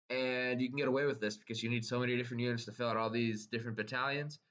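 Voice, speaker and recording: A man's voice: lowish voice, fairly bright tone, dull audio. An enthusiastic man teaching tabletop wargame list building, tripping over his words as he explains, followed by a camera operator. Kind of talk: excited casual explanation. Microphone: camera held by helper, moving about.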